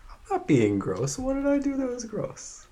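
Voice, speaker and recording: A man hosting a live painting stream, chatting casually and rambling with many fillers, in a fairly even tone. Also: very high-pitched, moderate pace. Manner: says his voice rarely goes up or down.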